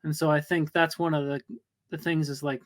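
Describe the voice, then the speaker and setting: A man's voice: fairly high pitch, flat delivery, a little fast. A man co-hosting a podcast, reflecting aloud in a casual, thoughtful way. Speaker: podcast co-host. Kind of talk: casual conversation.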